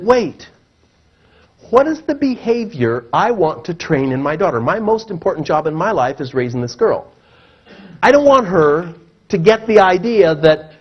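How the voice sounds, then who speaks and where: A man giving a seminar talk to a live audience, animated and acting out the voices he quotes. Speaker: motivational speaker. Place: seminar room. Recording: muffled low-fidelity recording.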